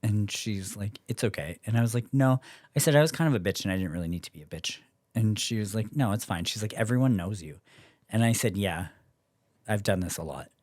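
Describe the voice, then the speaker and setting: A man's voice: on the low side, animated, fairly quick, darkish tone, no echo. A young Canadian man, a podcast guest, telling a story in casual chat, acting out quoted voices and swearing freely.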